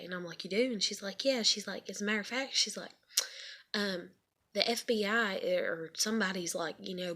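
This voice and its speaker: A woman's voice: fairly low pitch, fairly bright tone. A young woman, telling a personal story to the camera in a rambling, casual way, full of fillers and swearing. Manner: rambling, lots of fillers and asides, swears freely. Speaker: vlogger.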